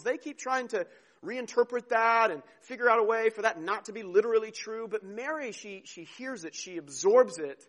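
A man preaching a sermon, earnest and heartfelt, dropping to a hush and then rising to emphasis, often repeating words as he goes. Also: high voice. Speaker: pastor.

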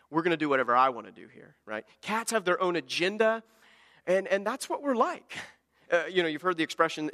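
A male pastor delivers a sermon with a high, bright, forceful voice that carries. He swings between loud emphatic bursts and quiet, almost muttered asides. The sound rings with the long reverb of a large hall.

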